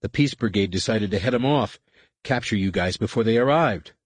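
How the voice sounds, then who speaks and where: A man voicing a nervous, talkative young male pilot held captive, speaking in an eager, hurried way. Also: lowish voice, dry recording, pitched above the performer's own voice, close to an everyday voice.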